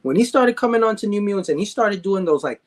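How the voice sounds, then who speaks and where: A man appearing as a guest in a casual conversation, talking in a laid-back, agreeable way and often chiming in with quick agreement. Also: high-pitched, lively intonation. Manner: laid-back, agreeable, frequent "yeah" and laughter.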